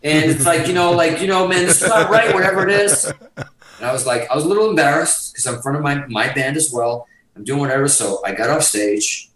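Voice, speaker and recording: A man from Massachusetts telling profane, animated stories as a guest on an interview show. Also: fairly high pitch, brisk, echoey room, distant mic, low-quality recording. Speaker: guest guitarist. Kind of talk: casual storytelling interview.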